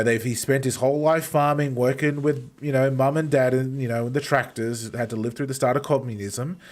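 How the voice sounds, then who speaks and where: A man hosting a stream and telling rambling, swear-filled gaming stories in casual chat. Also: medium pitch. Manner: rambling storyteller, heavy swearing. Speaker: streamer host.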